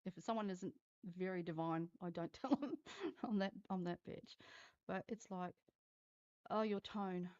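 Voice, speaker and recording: Woman, intuitive reader on a livestream; frank, foul-mouthed, warm low tone, muffled sound. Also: moderate pace. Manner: blunt, swears freely, talks straight to viewers. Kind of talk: live-streamed psychic reading.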